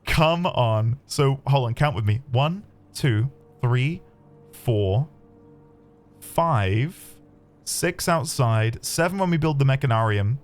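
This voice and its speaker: Excitable man narrating his gameplay. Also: mid-range voice, slow pace. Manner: chatty, excitable, talks to viewers. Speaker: game streamer. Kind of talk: let's play commentary. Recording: faint background music.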